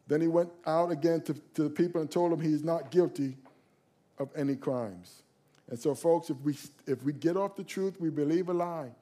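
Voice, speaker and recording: A man preaching a sermon with passion, repeating key phrases and swinging from loud declarations to quiet asides. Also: a little high.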